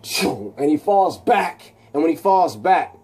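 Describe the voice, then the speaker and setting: A man casually retelling a movie scene, excitedly and with lots of sound effects and fillers. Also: fairly high pitch, a little slow, slight background noise. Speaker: channel host.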